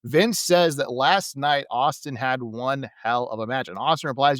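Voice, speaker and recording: A man co-hosting a casual podcast, retelling wrestling promos in an animated way and laughing often. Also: mid-range voice, moderate pace, hardly any pauses, no echo. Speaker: podcast co-host. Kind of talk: casual recap chat.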